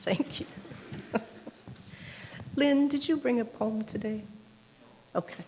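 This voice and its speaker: Gravelly woman moderating a reading. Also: on the high side, takes it slowly, dark tone, a little hiss or hum. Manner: brief, polite prompts. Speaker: group moderator. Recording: distant, reverberant hall.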